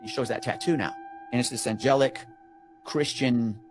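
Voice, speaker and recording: A man telling a story in a rambling, profane, animated way on a casual podcast. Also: medium pitch, moderate pace, faint music behind. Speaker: storyteller recounting a work call.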